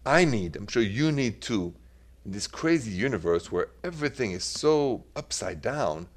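A man's voice: fairly low pitch, big pitch swings, normal speed. A man with a French accent, French as his first language, hosting a call-in radio show about relationships in a playful, chatty way. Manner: playful, chatty, switches between French and English.

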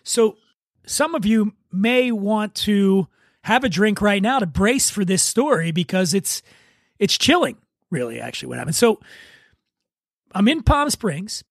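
Host, man, high voice, animated self-mocking storyteller, dry close sound. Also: a little slow, vocal fry, dry recording. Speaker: podcast host. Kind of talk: casual podcast chat.

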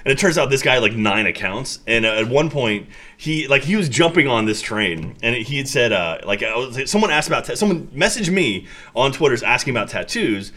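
Podcast co-host: man, quick lively delivery, indignant storyteller. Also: mid-range voice. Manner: animated, indignant storyteller, swears. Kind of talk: casual chat.

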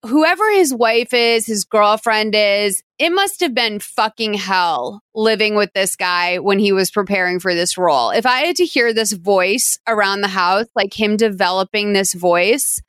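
A woman's voice: mid-range voice, a little slow, few pauses, a bit bright, smooth, no echo. A woman hosting a podcast, chatting casually and animatedly, laughing often. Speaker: podcast host. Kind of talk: casual chat.

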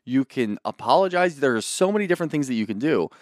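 A man of average pitch co-hosting a casual recap podcast, joking and mulling things over in an easy, conversational way. His voice is recorded on a close mic in a dry room. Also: expressive, fast talker, dry recording. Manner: joking, conversational, mildly puzzled. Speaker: podcast co-host.

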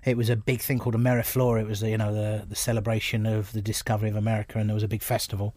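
Chatty comedian, dry sound. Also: male voice, on the low side, very fast, dry recording. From England. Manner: animated storyteller, laughs often. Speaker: comedian guest. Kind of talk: casual anecdotal chat.

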